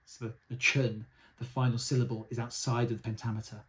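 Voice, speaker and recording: A young man, an actor who also reviews books, talks through one he loved in a relaxed, reflective way. His voice is soft-spoken and sits at an ordinary middle pitch. He often pauses on ums and uhs while gathering his thoughts.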